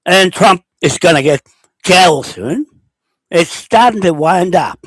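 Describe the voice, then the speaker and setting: A man's voice: high voice, lively intonation, slow, fairly bright tone, slightly rough, no echo. Indignant man with a New Zealand accent. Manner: indignant, rambling and accusatory, repeating "okay?". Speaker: self-described landowner. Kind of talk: recorded spoken message, unscripted rant.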